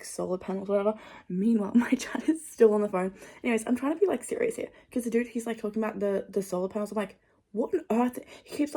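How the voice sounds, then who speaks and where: A young woman talks straight to her camera in a loose, rambling vlog chat. She tells everyday stories with lively, animated energy and peppers nearly every phrase with "like.". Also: mid-range voice. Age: young adult. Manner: rambling, full of "like" fillers, animated storytelling. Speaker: vlogger.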